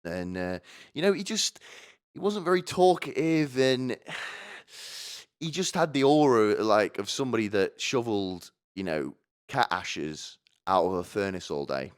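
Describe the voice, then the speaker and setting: A man's voice: on the low side, expressive, a little slow, clean tone. A man ranting alone on a live stream, provocative and full of asides. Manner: rambling and provocative, swearing, asking "right?". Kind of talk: solo stand-up style rant.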